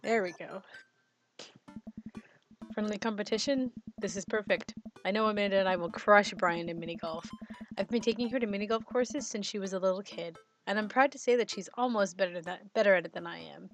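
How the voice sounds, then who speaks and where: Brief: giggly young woman gamer, chatty commentary at a medium pitch, headset mic, faint music under. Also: fairly quick. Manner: giggly, chatty, reads game text aloud. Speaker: game streamer. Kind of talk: let's-play commentary. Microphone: headphones and mic.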